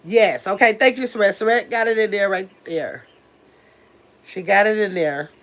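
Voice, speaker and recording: Woman livestream host, casual and chatty, a bit sick, mid-pitch voice, works the chat while fumbling with her phone. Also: moderate pace. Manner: chatty, distracted, talks to the chat as "y'all". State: recovering from illness. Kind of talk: casual live chat reading comments.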